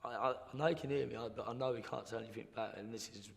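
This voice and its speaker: A young man, telling his life story in a blunt, slangy, halting way as a podcast guest. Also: medium pitch, steady tone, creaky, a little hiss or hum. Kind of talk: casual storytelling. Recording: roomy hall reverb.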